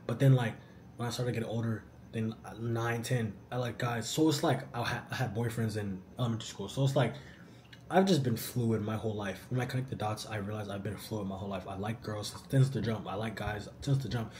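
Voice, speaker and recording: A young man answering viewer questions in a casual vlog, animated and slangy. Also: on the low side, fairly quick, slight background noise. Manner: animated, slangy, says "bro" often.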